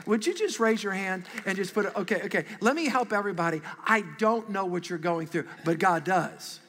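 A man in middle age preaching a sermon in a high, bright, ringing voice. He talks with the congregation in a lively, conversational way and has them call back answers. The sound carries a long reverb from a large church hall. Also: brisk. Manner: animated, conversational preaching with audience call-and-response. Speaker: pastor.

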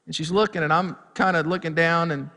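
A man's voice: a little high, steady tone, a little fast, pushed and bright, long reverb tail, slight background noise. A middle-aged male pastor preaching a sermon, telling a story and building to fired-up preaching. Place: church sanctuary.

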